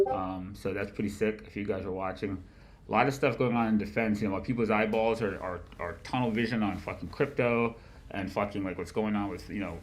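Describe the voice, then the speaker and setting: A man hosting a casual livestream about markets, with a nasal voice, rambling, swearing often and laughing loudly. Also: lowish voice, slight background noise. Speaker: livestream host of a market analysis show. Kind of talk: casual profane chat.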